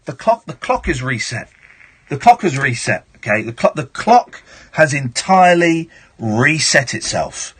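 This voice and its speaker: A man hosting a late-night radio phone-in, his voice pitched high and swinging widely. He sounds bright and forward, and he talks over callers bluntly. It is a talk-radio studio delivery. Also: big pitch swings, normal speed, husky. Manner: brusque, cuts callers off.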